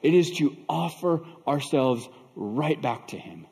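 Fervent preacher with a ringing voice. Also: male voice, fairly high pitch, animated, measured pace, creaky, hardly any pauses, warm tone, husky, big-room sound. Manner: storytelling, builds to fervent preaching with rhetorical questions. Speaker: pastor. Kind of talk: sermon.

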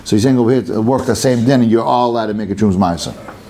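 A man leading a casual Talmud study session. He reads the Aramaic text aloud and explains it in English, acting out the case with lively back-and-forth. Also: on the low side, quick pace.

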